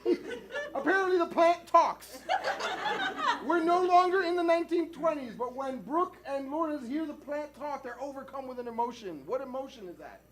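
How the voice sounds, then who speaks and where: A woman's voice: high voice, normal speed, slight background noise. A woman hosting a live improv show, calling freezes and taking audience suggestions with energy and laughter. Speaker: improv emcee.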